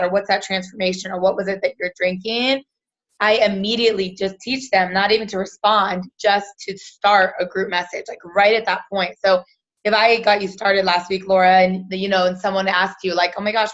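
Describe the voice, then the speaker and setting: A team leader hosts an unscripted live Q and A, her mid-range voice fairly bright but muffled in the recording. She's chatty and full of fillers, acting out quoted conversations as she coaches.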